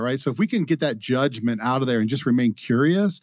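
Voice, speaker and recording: A man's voice: mid-range voice, expressive, a little fast, no echo. A man hosting a podcast, who talks in an earnest, chatty way and often checks in with "right?" or "you know?". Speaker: podcast host. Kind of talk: conversational interview.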